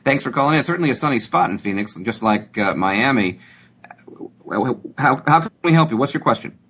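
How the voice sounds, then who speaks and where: A man's voice: mid-range voice, animated, brisk, fairly bright tone, slightly rough. A man hosting a radio health show, talking in a friendly, conversational way with many fillers. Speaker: radio show host, doctor. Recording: dull lo-fi broadcast audio.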